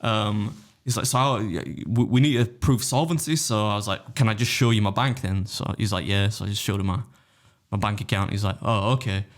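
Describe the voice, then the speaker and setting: A man with a fairly low voice tells a story on a podcast. He acts out every exchange himself and keeps breaking into laughter. His swearing is loose and casual. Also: fairly quick. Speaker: podcast guest. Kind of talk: casual chat, telling an anecdote.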